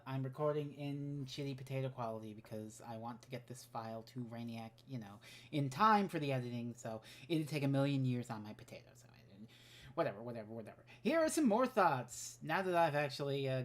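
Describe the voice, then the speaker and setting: A woman's voice: rumbling low, lively intonation, a little fast. A woman giving a heated, profanity-laced rant as a podcast guest. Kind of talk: recorded rant segment.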